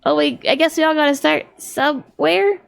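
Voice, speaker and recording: A woman's voice: high-pitched, normal speed, gravelly. A woman streaming a video game live, chatting casually with a giggly, playful manner.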